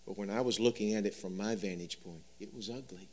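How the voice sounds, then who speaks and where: A man preaching a sermon, telling stories and swinging from loud emphasis to soft, quiet delivery. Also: fairly low pitch, fairly quick. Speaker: pastor.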